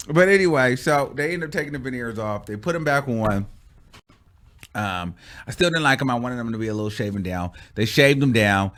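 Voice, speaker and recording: A man on his channel telling a story time monologue casually, animated, dramatic and full of exclamations. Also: medium pitch, fairly quick. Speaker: YouTube storyteller.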